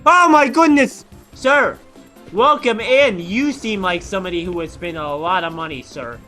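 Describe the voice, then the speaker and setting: A man voicing a fawning male shop clerk in a game, eager and flattering toward a customer. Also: high voice, moderate pace, faint music behind.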